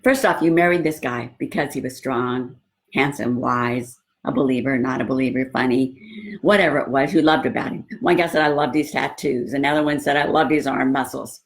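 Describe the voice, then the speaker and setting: Low-voiced chatty Christian marriage coach woman. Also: moderate pace. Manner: chatty, animated storytelling with quoted dialogue. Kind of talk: casual talk to women viewers.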